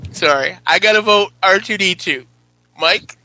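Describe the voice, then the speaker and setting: A man hosting a casual panel chat, excitable and swearing freely as he calls for votes. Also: high-pitched, measured pace, a little hiss or hum. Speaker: podcast host.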